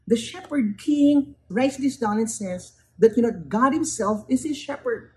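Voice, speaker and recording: A man's voice: measured pace, few pauses, darkish tone, poor audio. Emphatic man preaching. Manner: emphatic, builds to raised peaks then drops low. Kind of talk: sermon.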